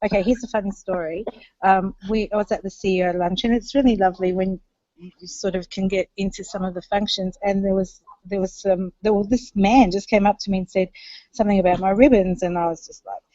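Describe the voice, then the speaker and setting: A woman's voice: medium pitch, steady tone, a little fast, dark tone, dry recording. A woman with an Australian accent, chatting casually and laughing as she tells stories from a conference. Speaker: conference attendee reporting back. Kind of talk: casual chat on a video call. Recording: dull lo-fi web call audio.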